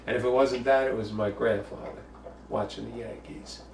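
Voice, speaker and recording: A man's voice: mid-range voice, steady tone, moderate pace, gravelly, reverberant, recorded from a distance, slight background noise. A man from the Bronx, hosting a casual home cooking show, chatty and jokey with bawdy asides. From the Bronx, New York.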